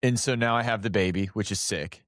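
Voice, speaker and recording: A man's voice: on the low side, a little fast, a bit bright, no echo, clean studio sound. A young man co-hosting a podcast, chatting in a laid-back, rambling way and swearing casually. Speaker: podcast co-host. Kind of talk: casual chat.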